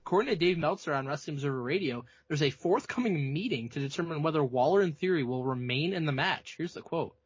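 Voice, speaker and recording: A man's voice: fairly high pitch, expressive, quick pace, hardly any pauses, slightly rough, no room sound, dull audio. A man co-hosting a wrestling podcast, blunt and sarcastic, ready to argue. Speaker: podcast co-host. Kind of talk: casual profane wrestling banter.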